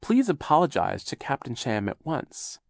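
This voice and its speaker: A man's voice: medium pitch, huge pitch swings, normal speed, creaky, dry recording, voice pushed up. A man voicing a fussy, nervous older aunt who fixates on grammar, prim and fretful.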